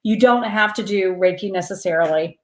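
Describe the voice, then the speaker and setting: A woman's voice: medium pitch, fairly quick, reverberant. A woman hosting a spiritual live stream, chatting with viewers in an earnest, rambling way and laughing often.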